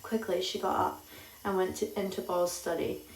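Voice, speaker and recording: A woman reading a literary story aloud in a slow, calm, measured way. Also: fairly low pitch. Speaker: audiobook reader. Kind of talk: scripted literary narration. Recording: roomy sound, distant mic.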